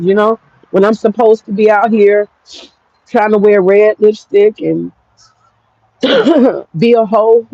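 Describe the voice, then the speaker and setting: A woman's voice: mid-range voice, warm tone, no room sound, muffled recording. An American woman with an African American English accent, telling a personal story in a frank, profane, rambling vlog. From United States. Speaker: vlogger.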